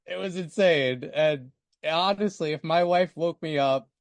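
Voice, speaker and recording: A man's voice: on the high side, a little slow, no echo. Laid-back man guest, dry sound. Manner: laid-back, easygoing plot summary. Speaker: podcast guest. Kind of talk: casual chat.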